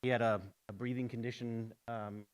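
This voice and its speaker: A man speaking earnestly as a panel guest, pausing often with fillers. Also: mid-range voice, little pitch movement. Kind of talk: convention panel talk. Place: convention hall stage.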